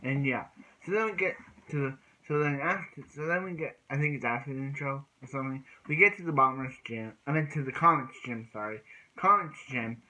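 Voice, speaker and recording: A man casually recapping a cartoon episode as a reviewer, halting and restarting his sentences often. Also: medium pitch, pushed and bright, a little hiss or hum, rough recording. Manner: halting, frequent restarts and repeated phrases.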